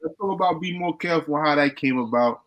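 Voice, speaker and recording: Man, podcast host, slightly high voice, casual, affirming. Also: muffled recording, a loud crowd. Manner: affirming, quick to back up the guest. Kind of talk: casual interview.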